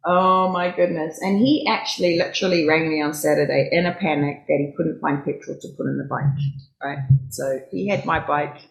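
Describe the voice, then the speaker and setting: A woman, hosting a casual interview and telling stories with lively acted-out voices. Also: moderate pace, gravelly. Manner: animated storyteller, acts out quoted voices with big pitch jumps. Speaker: host. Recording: roomy echo.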